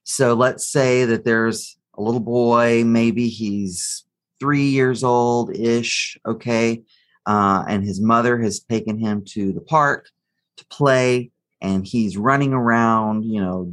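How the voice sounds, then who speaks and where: A man's voice: fairly low pitch, slow pace, fairly bright tone. A man answering as an expert guest in an interview, explaining psychology through a story he tells step by step. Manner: storytelling, acts out the quotes of the figures in the story.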